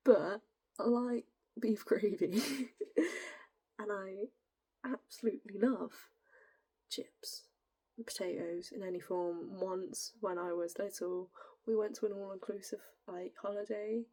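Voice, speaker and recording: A young woman with a northern English accent, musing in a rambling, giggly way and slipping into soft, whispery asides. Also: medium pitch, fairly even intonation, unhurried, long pauses. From northern England. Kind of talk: casual musing monologue.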